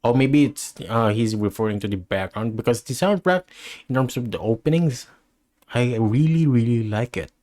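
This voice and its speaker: A man's voice: mid-range voice, lively intonation, normal speed, a little mellow. A man hosting a reaction channel, musing through casual commentary with frequent laughs and restarts.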